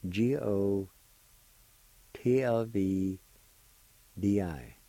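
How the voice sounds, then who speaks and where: Slow, low-voiced man teaching pronunciation. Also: warm tone, no echo, rough recording. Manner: patient, spells syllables letter by letter. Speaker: language teacher on radio. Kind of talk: slow spelled-out pronunciation lesson.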